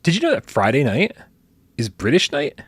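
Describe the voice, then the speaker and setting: A man co-hosting a gaming podcast in casual live banter, jokey and animated, sometimes trailing off into mumbles. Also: fairly high pitch, normal speed, slightly rough, no echo. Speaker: podcast co-host.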